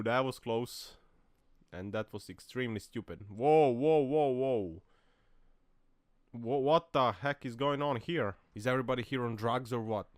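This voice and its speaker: A man's voice: mid-range voice, smooth, dry recording, studio quality. A man commenting over dashcam clips with a joking, mocking tone, laughing often and putting on silly voices. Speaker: video commentator.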